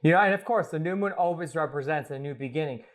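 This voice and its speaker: A man's voice: fairly high pitch, fast. A man, a guest astrologer, talking playfully in a rambling, casual podcast chat recorded at home. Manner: playful, rambling, laughs often.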